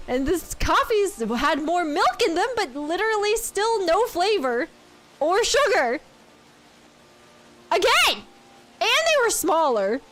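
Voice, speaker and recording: A woman streaming a game, chatting casually and giggling as she reads chat aloud. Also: very high-pitched.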